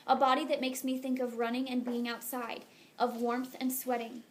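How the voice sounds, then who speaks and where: Soft-spoken woman reading a novel aloud. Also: a little high, level tone, moderate pace, slight background noise. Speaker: audiobook narrator. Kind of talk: first-person audiobook narration.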